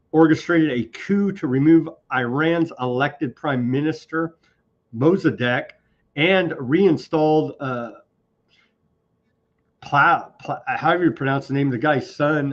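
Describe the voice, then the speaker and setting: A man co-hosting a news commentary show, talking sarcastically and tripping over foreign names. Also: on the high side. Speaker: co-host. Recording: dull lo-fi audio.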